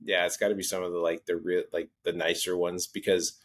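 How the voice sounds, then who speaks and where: A man with a notably deep, low voice co-hosting a golf podcast. He chats loosely and tells a long story, often restarting his sentences. His tone is easygoing and relaxed. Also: fairly quick, slight background noise. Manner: rambling, lots of restarts and fillers, storytelling. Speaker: podcast co-host. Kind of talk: casual chat.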